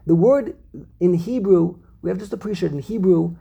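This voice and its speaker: Male Torah teacher, dark gravelly voice, repeats himself as he explains grammar. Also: high voice. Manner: repeats and restarts phrases, slows down to stress words. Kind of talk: text study lesson explaining grammar.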